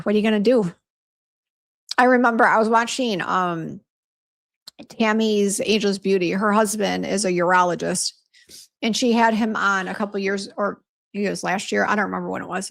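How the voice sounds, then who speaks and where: A woman's voice: mid-range voice, fairly even intonation, normal speed, gravelly, a bit bright. A woman in her fifties hosting a casual live stream, chatting frankly and reading out viewer comments with a self-deprecating, exclamatory manner. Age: 50s. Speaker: beauty brand owner hosting a live stream.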